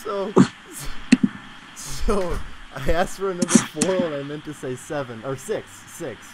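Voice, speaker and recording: A streamer spins a casual story for their stream and keeps breaking into giggles. The voice sits at an ordinary middle pitch, and a steady hiss runs underneath it. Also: measured pace. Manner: giggly, laughs through the telling.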